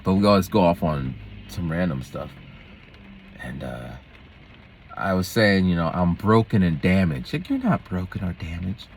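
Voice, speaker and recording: A man's voice: low voice, very animated, normal speed, pauses often, faint music behind. A man, a schoolteacher, chatting casually to camera and telling rambling stories that jump from topic to topic. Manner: rambling, digressive, jumps between topics. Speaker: schoolteacher and vlogger. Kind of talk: casual vlog storytelling.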